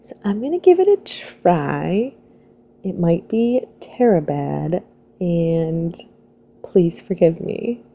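A woman's voice: lowish voice, animated, slow pace, creaky. A woman talking casually and giggling at herself while recording an accent challenge. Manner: self-deprecating and giggly. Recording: tinny phone-like audio, faint hiss.

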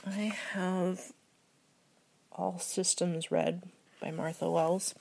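Soft-spoken Midwestern woman with vocal fry. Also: on the low side, flat delivery, very slow, slight background noise. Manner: hushed, often half-whispered, hesitant with many ums. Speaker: video host. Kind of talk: soft-spoken accent tag and book reading.

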